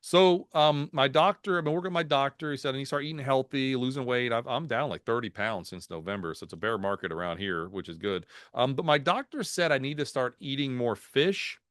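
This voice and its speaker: A man giving a lively, folksy market talk on a video call, mixing jokes and anecdotes into the numbers. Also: mid-range voice, brisk, hardly any pauses, no echo, clean studio sound. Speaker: market strategist guest speaker. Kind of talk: webinar presentation.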